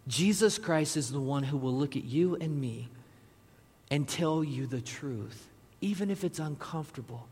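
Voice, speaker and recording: A man preaches in a casual, talk-to-the-room way, pausing to put questions and asides straight to his congregation. His voice is a little husky. The sound carries the long echo of a large church sanctuary. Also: fairly high pitch, expressive, darkish tone. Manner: conversational preaching with asides to the audience. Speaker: pastor. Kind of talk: sermon. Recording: long reverb of a large hall.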